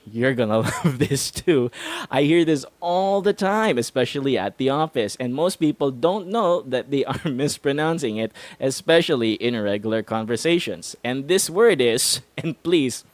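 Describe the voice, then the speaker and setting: A man's voice: mid-range voice, lively intonation, normal speed, no room sound. A man hosting an explainer talk, chatty and laughing between points, with a sing-song stress on some words. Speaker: host. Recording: music playing under the voice. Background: hip hop music.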